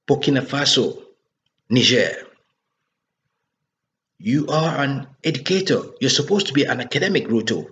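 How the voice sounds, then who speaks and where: A man's voice: medium pitch, lively intonation, normal speed, long pauses, a bit bright. A man delivering an impassioned political monologue, scolding and asking rhetorical questions again and again. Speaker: political commentator. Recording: dull lo-fi recording.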